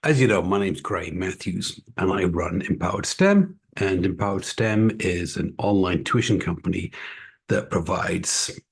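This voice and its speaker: Husky, chatty man on a livestream. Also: low voice, unhurried. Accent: American-Scottish mix. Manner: energetic, chatty, many fillers and asides. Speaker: online tutoring company owner addressing parents. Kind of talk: casual live-stream talk to parents.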